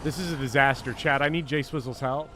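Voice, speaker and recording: A man's voice: mid-range voice, fairly even intonation, fairly quick. A man streaming a game for charity, chatting casually with friends and thinking aloud as he plays. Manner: chatty, thinks aloud while playing, frequent ums. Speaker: streamer playing games for charity. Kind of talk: casual live-stream chat with co-hosts. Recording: gaming stream with noticeable background noise.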